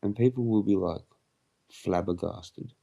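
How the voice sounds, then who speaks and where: A man's voice: fairly low pitch, a little slow, creaky, warm tone, lo-fi sound. A young man chatting on a livestream, crude and slangy, often laughing and putting on mock voices. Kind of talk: rambling casual livestream chat.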